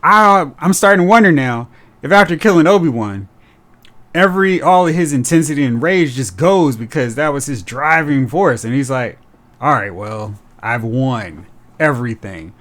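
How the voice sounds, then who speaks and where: A man hosting a casual podcast chat, talking animatedly and acting out character lines in quick impressions. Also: on the high side, lively intonation, a bit bright. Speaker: podcast host.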